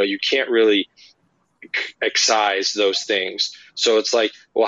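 A man, a paranormal investigator, telling lively, rambling anecdotes with lots of fillers in a casual interview. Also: on the low side, dry recording, highs cut off.

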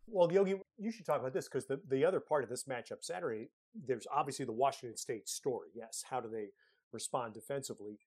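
A man's voice: mid-range voice, fast talker, a little mellow, slightly rough. Emphatic man talking college football. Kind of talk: casual sports talk.

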